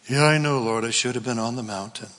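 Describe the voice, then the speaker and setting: A man's voice: medium pitch, fast, a bit bright, long reverb tail, close to an everyday voice. A man voicing the apostle Peter as an ashamed grown man, sheepishly confessing.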